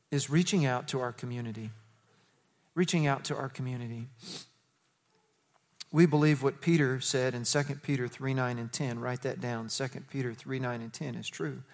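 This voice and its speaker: A man preaching as the pastor of his church, telling stories with lively, animated delivery. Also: moderate pace, pauses often. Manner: animated storytelling, jumps to high excited quotes. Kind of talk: sermon.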